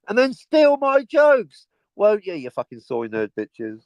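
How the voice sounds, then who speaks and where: A man's voice: on the high side, sing-song, normal speed, clean tone, no echo. A man hosting a stream in casual, profane banter, mock-aggressive and sarcastic. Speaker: stream host.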